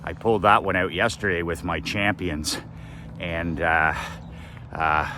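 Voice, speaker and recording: A man's voice: sits low, sharp tone, slight background noise. A man giving a blunt, profane motivational talk as a business coach, repeating his key phrase for emphasis. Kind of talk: motivational monologue.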